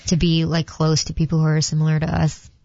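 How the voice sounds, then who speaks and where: A woman's voice: low voice, monotone, fairly quick, vocal fry, dark tone, no room sound, dull audio. A woman co-hosting a talk radio show, chiming in with laid-back short remarks. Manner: laid-back, brief interjections. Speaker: radio co-host. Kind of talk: casual talk radio chat.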